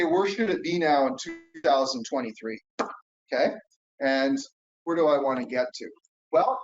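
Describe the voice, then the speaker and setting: A middle-aged man giving a conference keynote in a coaching tone, often checking in with "right?" and "okay?". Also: a little high. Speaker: keynote speaker. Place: conference hall. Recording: echoey hall, dull lo-fi sound.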